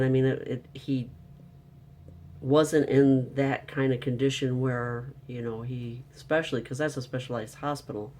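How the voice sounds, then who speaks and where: A man's voice: medium pitch, normal speed. A man telling a frustrating story in a casual, upset monologue, venting and exasperated. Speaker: vlogger.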